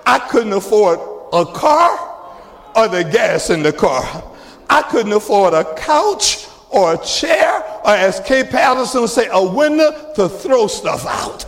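An older man preaches a sermon, his voice pitched very high and rough with gravel. He talks slowly and builds to shouted emphasis. His voice rings through a church with a long reverb. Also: big pitch swings. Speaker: pastor. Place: church sanctuary.

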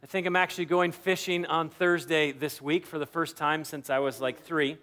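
A man's voice: on the high side, steady tone, normal speed, a bit bright. A man pastor giving a sermon in a conversational way, acting out everyday dialogue as he makes his points. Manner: conversational preaching, acts out quoted dialogue.

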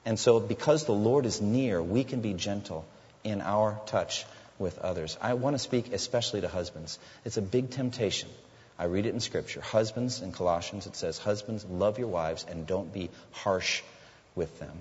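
A man's voice: moderate pace, darkish tone. A man preaching a sermon as a pastor, earnest, sometimes acting out the people in his stories. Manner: earnest preaching, voicing quoted figures with rising pitch. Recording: lo-fi sound with long hall reverb.

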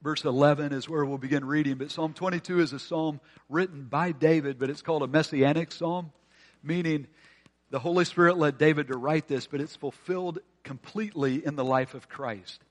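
A pastor preaching a conversational sermon, earnest, with rhetorical questions and drops to a hushed voice. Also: male voice, on the high side, fairly quick.

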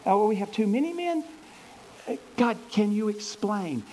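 A man acting out an excitable young army leader, pitched well up and pushed loud. He pleads and rallies with urgent energy in a retold Bible story. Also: unhurried, a little hiss or hum, low-quality recording. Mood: bewildered. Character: eager, anxious male army leader Gideon.

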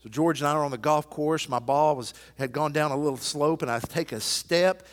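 A middle-aged male pastor preaching a sermon, telling stories and swinging from hushed to loud and emphatic. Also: medium pitch, normal speed, long reverb tail.

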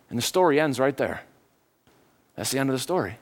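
A man preaching a sermon and retelling a story in a conversational, animated way, often asking the listeners questions. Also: mid-range voice, brisk, long pauses.

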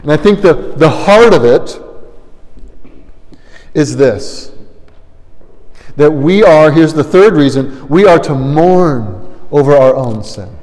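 A man preaching a sermon, earnest, his voice swelling loud on emphatic lines and then dropping low. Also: expressive, slow pace, pauses often, long reverb tail, rough recording. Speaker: pastor.

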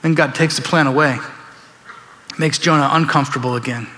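A man pastor delivering a sermon in an animated way, acting out biblical figures in quoted voices. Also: on the high side, fairly quick. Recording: long reverb of a large hall.

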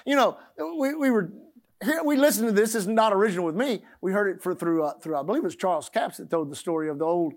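A male pastor delivers a sermon in a notably high voice. He is emphatic, swinging from loud declarations to hushed, confiding asides. He stretches key phrases and stresses them word by word. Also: expressive, quick pace.

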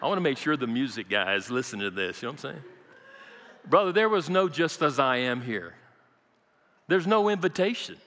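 A man's voice: high voice, sharp tone, long reverb tail. An older man preaching a sermon as pastor, asking the congregation questions and repeating key lines. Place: church sanctuary.

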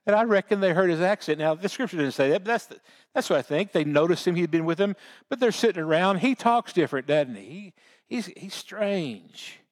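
A man's voice: high voice, lively intonation, a little fast. A man preaching a sermon, telling the story in a folksy, homespun way. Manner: folksy storytelling with baseball analogies.

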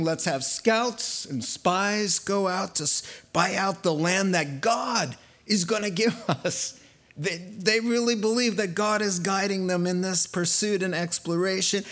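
A man preaching a sermon, telling a Bible story in an animated, playful way. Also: high voice, a little slow. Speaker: pastor.

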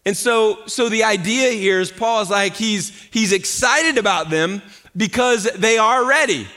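Bright-voiced male pastor preaching. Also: high-pitched, a little slow, faint music behind. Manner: conversational preaching with frequent restarts and rhetorical questions. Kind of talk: sermon.

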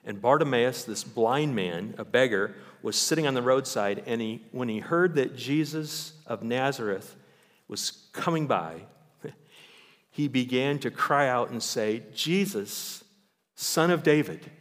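Guy preaching a sermon, mid pitch, lively bible storytelling, big echoey church. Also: unhurried. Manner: animated storytelling, raises voice to act out scripture. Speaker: pastor. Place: church sanctuary. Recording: long hall reverb.

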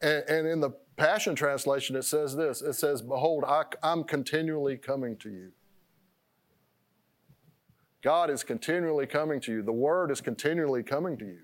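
A man's voice: a little high, fairly quick, few pauses. A man preaching a sermon as pastor, rambling and repeating words, often stopping to laugh at himself.

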